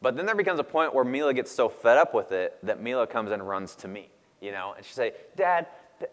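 A man's voice: medium pitch, fast, fairly bright tone. Casual man preaching in a reverberant hall. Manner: casual, conversational, laughs often. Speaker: pastor. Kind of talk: sermon.

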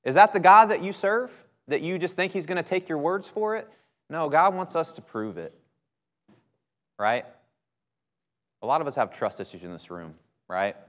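A man's voice: on the high side, animated, normal speed, long pauses, fairly bright tone. A man who is a minister preaching a sermon in a chatty, conversational way, punching key words and often checking in with "right?". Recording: long hall reverb.

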